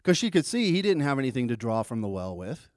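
Pastor, male, mid pitch, talks through Bible verses conversationally; dry close recording. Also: sing-song, fast, darkish tone, no echo. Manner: conversational, repeats words when restarting. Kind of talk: sermon.

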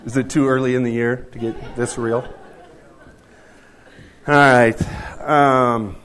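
A man's voice: mid-range voice, steady tone, slow pace, fairly bright tone. A man in his fifties preaching a sermon in a conversational, storytelling way, with joking asides. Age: 50s.

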